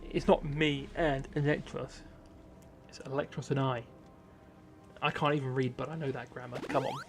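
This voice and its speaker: Gravelly guy streaming a game. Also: medium pitch, little pitch movement, normal speed, over music. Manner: swearing, self-mocking, laughs easily. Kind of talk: casual live game commentary.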